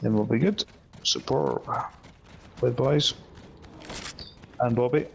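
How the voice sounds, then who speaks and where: A man's voice: medium pitch, slow. A man chatting casually and swearing with friends while playing an online game, teasing them as he hands out gear. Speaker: squad player. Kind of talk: casual gaming voice chat. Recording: clear background noise.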